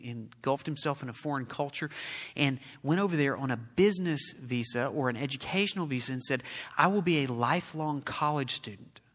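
A man's voice: medium pitch, animated, brisk, fairly bright tone. A man preaching a sermon as pastor, building his delivery to emphatic peaks. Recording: long reverb of a large hall.

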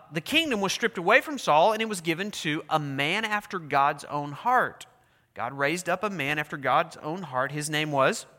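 A man preaching a sermon as pastor, animated and asking his congregation questions. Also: high-pitched. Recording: long hall reverb.

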